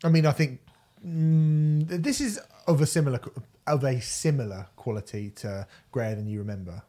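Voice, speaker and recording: A man's voice: mid-range voice, moderate pace, warm tone. Sweary, chatty man reviewing albums. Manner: enthusiastic, sweary, restarts sentences. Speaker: podcast co-host. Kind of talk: casual music review chat.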